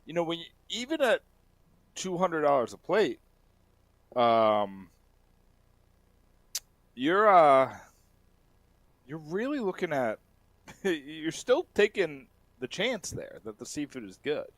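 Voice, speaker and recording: A man's voice: a little high, big pitch swings, takes it slowly, pauses often, dry recording. A man chatting casually as a co-host, telling a long, rambling story full of restarts and fillers. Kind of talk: casual chat.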